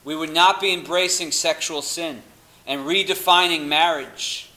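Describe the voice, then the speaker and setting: Bright emphatic man preaching. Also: a little high, a little slow, low-quality recording. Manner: emphatic, reads scripture aloud. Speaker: pastor. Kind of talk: sermon.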